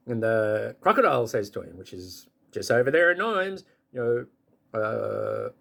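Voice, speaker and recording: A man's voice: a little slow, vocal fry. A man in his fifties or older, talking to the camera in a rambling, casual monologue and chuckling as he goes. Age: 50s or older. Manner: rambling, chuckling, pitch jumping up when excited. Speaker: vlogger.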